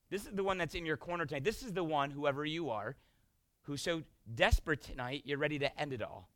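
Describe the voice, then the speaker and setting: A male pastor preaching a sermon, emphatic and swinging between loud bursts and hushed passages. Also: on the high side, brisk, no room sound.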